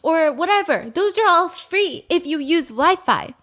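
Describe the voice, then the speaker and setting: A young woman hosting a casual storytelling podcast, animated and laughing as she acts out quotes. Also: very high-pitched, a little slow. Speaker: podcast host.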